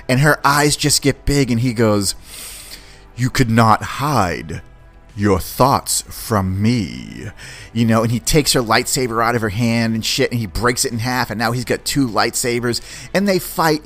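A man hosting a podcast, giving an excited, slangy, rambling review of a series. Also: mid-range voice, normal speed. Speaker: podcast host. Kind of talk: casual film review.

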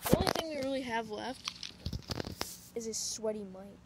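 A teenage girl filming a casual home video, excited and laughing as she bosses the others around. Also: a little high, moderate pace. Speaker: vlogger filming. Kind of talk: casual chat. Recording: noisy home phone recording.

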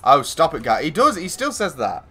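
A man's voice: on the high side, huge pitch swings, moderate pace, sharp tone, faint music behind. A man streaming a shooter game, chatting casually with a friend and teasing him with frequent swearing. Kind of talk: casual gaming chat.

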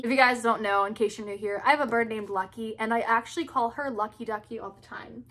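Bubbly high-voiced young woman vlogger. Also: steady tone, fairly bright tone. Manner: bubbly, gushing, quick to squeal. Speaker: YouTuber opening fan mail. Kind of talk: casual vlog chat.

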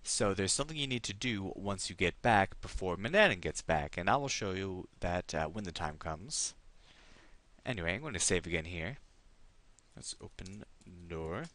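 A man's voice: low-pitched, animated, normal speed, a bit bright. A man hosting a let's play, chatting and reading game text aloud.

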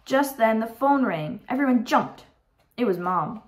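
A woman's voice: on the high side, lively intonation, unhurried, low-quality recording. A teenage girl reading a picture book aloud to young listeners, giving the characters voices and adding chatty asides. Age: teens. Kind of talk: read-aloud storytime with asides.

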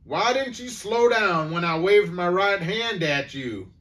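Cranky old woodsman, loud and sputtering — voiced by a male reader. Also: sits high, measured pace, far from the mic, voice pushed up. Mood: indignant.

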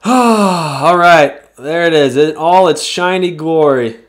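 Hosting a live trading card break, a man reads player names off the cards he pulls and whoops at the big hits. His voice is fairly high and animated, with a slow pace.

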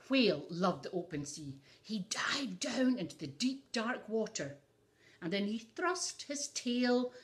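Slow, lively woman reading a story. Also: medium pitch. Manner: slow, lively, asides to young listeners. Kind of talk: reading a picture book aloud to children.

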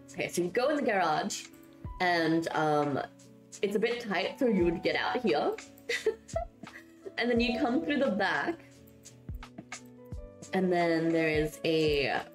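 A woman's voice: medium pitch, echoey room. A woman streamer chatting casually and giggling with her viewers while she builds in a game, her voice still sleepy from just waking up. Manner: giggly and chatty, reading out and answering chat. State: just woke up, voice not warmed up.

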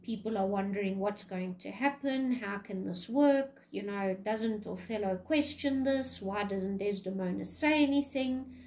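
A woman's voice: mid-range voice, unhurried, hardly any pauses, a little mellow, low-quality recording. A woman English teacher casually retelling a play in a lesson, chatty, with many fillers.

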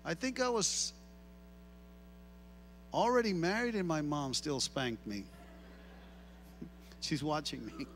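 A middle-aged male pastor preaching an animated sermon, switching between two languages and repeating phrases for emphasis. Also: a little high, takes it slowly, pauses often, slight background noise. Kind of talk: bilingual sermon.

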